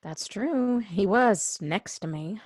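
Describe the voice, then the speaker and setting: An impatient, sharp-tongued guest played by a woman throws out wry remarks in an amateur script read-through. Her voice sits in a middle register, and the sound is dry and close. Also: mid-range voice, animated, slow, no room sound.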